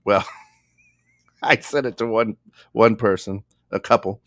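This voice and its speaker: A man's voice: lowish voice, normal speed, no echo, studio quality. A man co-hosting a podcast, telling a funny story in casual chat, laughing often and acting out the voices of the people in it. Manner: animated, laughing, acts out voices in anecdotes. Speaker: podcast co-host. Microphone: studio microphone.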